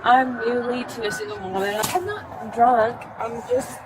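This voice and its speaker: A woman's voice: on the high side, lively intonation, unhurried. A woman in her twenties, stopped by police at the roadside, stammering and apologizing in a flustered way. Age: 20s. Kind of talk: real bodycam exchange. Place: roadside traffic stop at night. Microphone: officer's bodycam. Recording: noisy roadside bodycam audio.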